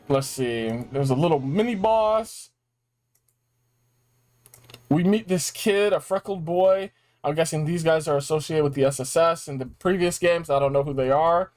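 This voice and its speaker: A man with a slightly high, darkish voice casually recaps a video game as a reviewer. He sounds sick with a cold, and his talk is slangy and rambling.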